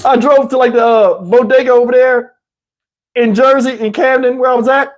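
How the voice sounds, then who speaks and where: A man in his fifties hosting a livestream, telling a story casually and profanely, animated and rambling with many restarts. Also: very high-pitched, moderate pace. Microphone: wearing a microphone.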